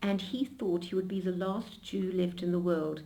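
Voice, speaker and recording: Animated older woman telling stories. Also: on the low side, normal speed. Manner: animated storyteller with frequent restarts. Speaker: interviewee. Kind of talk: storytelling interview.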